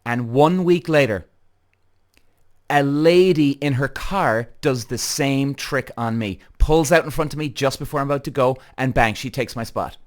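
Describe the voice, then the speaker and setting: Irish guy hosting a podcast, worked up telling a story to his viewers, cursing, normal pitch. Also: moderate pace. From Ireland. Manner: heated, swears freely, addresses viewers directly. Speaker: podcast host. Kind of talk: animated storytelling rant.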